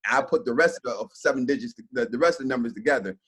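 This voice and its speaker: A man, a teacher and podcast co-host, telling a story in a casual, animated way and acting out each person's lines. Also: mid-range voice, fast, husky. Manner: animated storyteller who acts out the dialogue.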